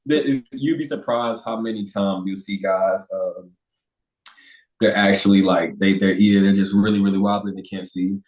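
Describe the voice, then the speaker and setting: A young man, a football player, chatting as a guest and telling stories with laughs, raising his voice high to act out quotes. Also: fairly even intonation, normal speed, darkish tone. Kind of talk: casual interview chat. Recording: roomy echo.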